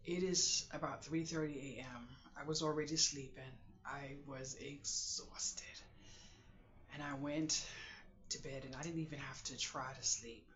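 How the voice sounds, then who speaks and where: Slow, tearful late-night vlogger. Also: medium pitch, steady tone, a bit bright, reverberant, dull audio. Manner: emotional, halting, confiding. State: holding back tears. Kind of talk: late-night personal vlog.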